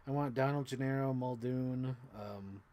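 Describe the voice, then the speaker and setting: Brief: man, mid-pitched voice, rambling unboxing chatter full of fillers and mild swearing, spikes into squealing excitement. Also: a little slow. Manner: bursts into high-pitched gushing excitement. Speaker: toy collector vlogger. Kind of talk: casual unboxing chat.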